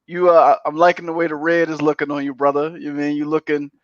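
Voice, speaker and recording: A man's voice: a little high, completely flat delivery, quick pace, dry recording. A man co-hosting an online podcast in a casual, teasing manner, often repeating "you know what I mean". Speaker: podcast co-host. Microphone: online stream call. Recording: dull lo-fi stream audio.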